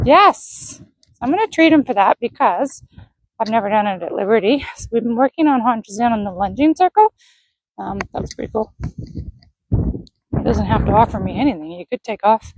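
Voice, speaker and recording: Husky-voiced woman coaxing a horse. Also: on the high side, no room sound, rough recording. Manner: praises and coaxes the horse in a soft, encouraging voice. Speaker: horse trainer. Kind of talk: live commentary while training a horse.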